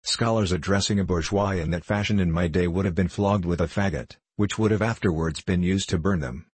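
Man reading an indignant old bourgeois man in an audiobook, scolding, deep husky voice. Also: brisk, a little mellow, no room sound. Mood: outraged. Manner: scolding, outraged.

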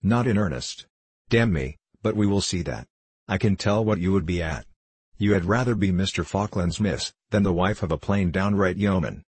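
A blustering, bullying country squire, read by a man who scolds and lays down the law. The voice sits very low with a husky grain. It is recorded close and dry, with no room sound. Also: moderate pace, dry recording. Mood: scolding. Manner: domineering, scolding. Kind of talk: audiobook character reading.

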